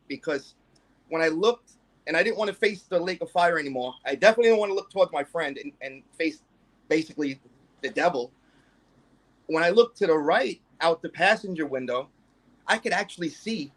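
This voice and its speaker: Guy telling his story, lots of "like," starts and restarts, a bit high-pitched. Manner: rambling, many fillers and restarts. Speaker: guest.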